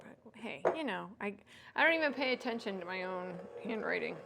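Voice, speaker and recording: A woman's voice: mid-range voice, animated, fairly quick, vocal fry, noisy background. A woman hosting a home cooking vlog, chatting casually and self-deprecatingly to viewers as she cooks. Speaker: home cooking show host.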